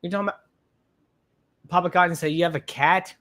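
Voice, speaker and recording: Bright-voiced man, sarcastic live-stream host. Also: sits high, fairly even intonation, a little fast. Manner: sarcastic, rambling, interrupted by hiccups. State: hiccuping. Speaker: podcast host reacting to a stream. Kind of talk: casual live-stream commentary.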